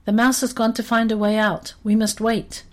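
A woman voicing a gentle, loyal male monkey in a storybook reading, speaking in a soft, soothing way. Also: mid-range voice, lively intonation, measured pace. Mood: firm.

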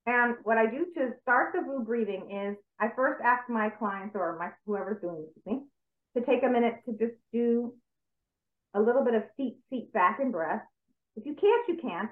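A female stress coach guides listeners through a grounding and breathing exercise, calmly taking it one step at a time. Her mid-range voice sounds thin and tinny, like call audio, and the room around her adds an echo.

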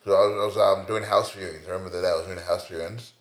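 A man's voice: low voice, steady tone, very fast. A young man co-hosting a podcast, telling stories in laid-back, slang-heavy, sweary chat. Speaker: podcast co-host. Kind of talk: casual chat. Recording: roomy echo.

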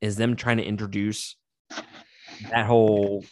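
A little slow and lowish, this podcast co-host's voice comes through clean studio sound with no echo. He reviews movies casually, profane, animated, and laughing a lot.

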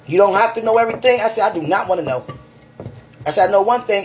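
A woman's voice: medium pitch, quick pace. A woman giving a fervent, emotional spiritual message to one listener, preaching and repeating her phrases.

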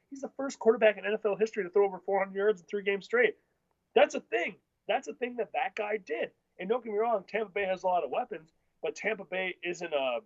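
A man co-hosting a casual sports podcast, arguing football picks bluntly and in rapid bursts. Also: sits high, dry recording. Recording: dull lo-fi sound.

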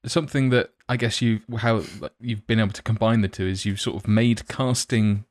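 A man hosting a casual interview, asking questions in a relaxed, hesitant way. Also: fairly low pitch, fairly quick, dry recording. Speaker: interviewer host.

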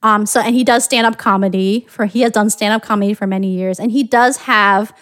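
A woman's voice: medium pitch, steady tone, a little fast, fairly bright tone, no room sound, studio quality. A woman from the United States hosting a podcast, chatting casually and thinking aloud with frequent restarts. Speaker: podcast host.

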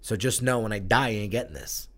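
A man's voice: fairly low pitch, fast, fairly bright tone. A man telling his own story in a conversational interview, candid and emotional, swearing now and then. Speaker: guest, brand strategist.

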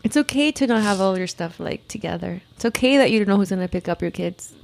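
A woman's voice: mid-range voice, lively intonation, quick pace, creaky. Upbeat reassuring woman co-host. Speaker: podcast co-host. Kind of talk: casual chat. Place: recording booth.

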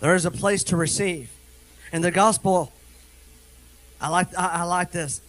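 High-voiced man preaching animatedly. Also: low-quality recording. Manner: animated preaching, swings between quick asides and slow emphatic scripture reading. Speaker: minister. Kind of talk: sermon.

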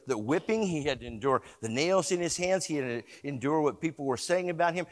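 A male pastor preaching a sermon and telling a story, moving between hushed retelling and loud, emphatic exhortation, and calling on the congregation to repeat words after him. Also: mid-range voice, big-room sound.

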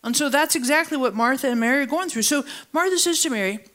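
A woman pastor delivers a sermon during a church service that is also streamed online, so her congregation is both in the room and watching remotely. Her speech is animated, leaping high for emphasis and then dropping low and slow, and she asks listeners to fill in words.

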